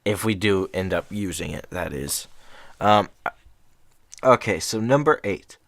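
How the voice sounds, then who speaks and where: A man's voice: low voice, expressive, a little slow, fairly bright tone, no room sound. A young man reading short horror stories aloud in a casual, rambling way, breaking off for chatty asides.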